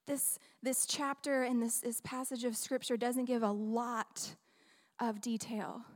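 A high-voiced woman preaches with animated, playful humor, tossing questions to her listeners. She speaks into a handheld mic. Her words trail in the long reverb of a large church hall. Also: unhurried. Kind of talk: sermon. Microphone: handheld microphone.

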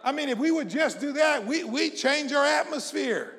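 A man from South Mississippi, preaching a sermon and leading the congregation in call-and-response, moving between hushed prayer and shouting. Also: very high voice, animated, moderate pace. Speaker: pastor. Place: church hall. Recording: long church-hall reverb.

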